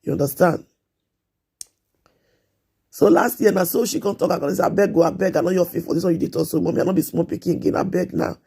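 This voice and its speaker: A woman's voice: lowish voice, fast, creaky, pauses often, mellow, breathy edge. A Nigerian woman in her thirties on a casual live stream, giving earnest advice and repeating herself as she pleads with her viewers.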